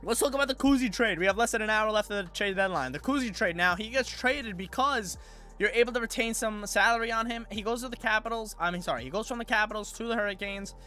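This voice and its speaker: A young man riffs through casual live-stream commentary in a bright, slightly high voice, restarting sentences as he thinks aloud. He keeps getting himself worked up and rambling. Faint music sits under his talk. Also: quick pace.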